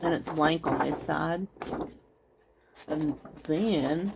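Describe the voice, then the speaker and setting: Woman, craft vlogger, casual rambling chat, fairly low voice. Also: extremely slow, gravelly, long pauses, darkish tone, a little hiss or hum. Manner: rambling, chatty, talks straight to viewers.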